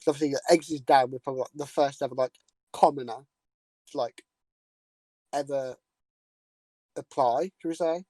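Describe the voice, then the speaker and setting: A man's voice: medium pitch, fairly even intonation, moderate pace, long pauses, mellow, dry recording, poor audio. A man in a casual podcast chat about a film, laughing often and filling his talk with fillers. His voice sits mid-range and is recorded close and dry. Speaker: podcast co-host. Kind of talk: casual movie recap chat.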